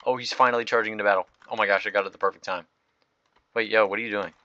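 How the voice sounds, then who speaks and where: A young man narrating a game as he watches it, excitable and slangy, jumping from loud shouts to quiet muttering. His voice sits fairly low but has a bright, forceful edge. The recording is dull and lo-fi. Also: very fast. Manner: excitable, slangy, reactive, swings from loud outbursts to mumbled asides. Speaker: gaming video host. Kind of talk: live gameplay commentary.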